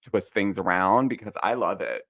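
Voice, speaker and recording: A man guesting on a casual chat, recapping a reality show in an animated, catty, emphatic way. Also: deep voice, normal speed, no room sound. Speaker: guest co-host.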